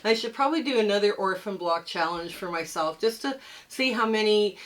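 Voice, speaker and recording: A woman's voice: mid-range voice, expressive, fairly quick, a bit bright, rough recording. A middle-aged woman hosting a quilting channel, chatting casually and rambling a bit as she shows a quilt top in her sewing room. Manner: chatty, rambling, friendly sign-off. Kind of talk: casual show-and-tell vlog.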